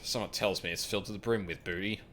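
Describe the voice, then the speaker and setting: A man voicing a roguish male sky pirate captain with a deepened, rough pirate voice while reading game dialogue aloud. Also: steady tone, quick pace, fairly bright tone. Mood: wry.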